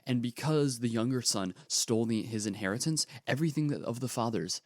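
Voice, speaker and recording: A teenage boy hosting a podcast, retelling a parable in earnest, casual commentary with animated asides. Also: medium pitch, a little fast, no room sound, clean studio sound. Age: teens. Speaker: podcast host.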